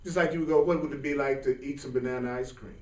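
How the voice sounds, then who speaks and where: A man giving an informal spiritual class, talking in a lively, colloquial way and often laughing. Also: mid-range voice, fast. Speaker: spiritual teacher. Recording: roomy sound from a distant mic.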